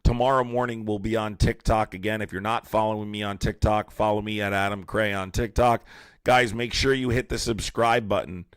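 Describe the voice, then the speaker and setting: A man's voice: fairly low pitch, steady tone, brisk, clean tone, no room sound, clean studio sound. A young man hosting a livestream, reading viewer comments aloud and answering them in a heated, confrontational way. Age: young adult. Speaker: livestream host. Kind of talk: live-stream chat, reacting to viewer comments.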